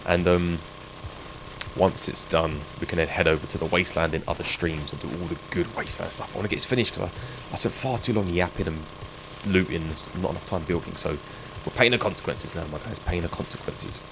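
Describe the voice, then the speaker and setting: A man's voice: sits low, brisk. A man chatting and joking with viewers while he streams a game. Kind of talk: live gameplay stream chat. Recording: game sound noise behind.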